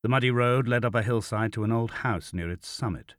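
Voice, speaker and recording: A man narrates a scripted audiobook in a steady, measured way. His voice is medium-pitched, and the clean studio recording has no echo.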